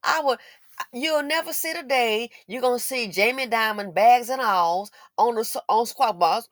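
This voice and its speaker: A woman's voice: on the high side, moderate pace, no room sound, studio quality. A woman giving blunt, sarcastic opinion commentary as a channel host, scolding and mocking as she talks.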